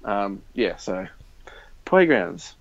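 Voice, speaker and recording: A man's voice: lowish voice, sing-song, very slow. A young man, chatting casually as a podcast co-host and telling a rambling story, acting out the lines he quotes. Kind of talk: casual chat. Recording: dull, lo-fi, dry.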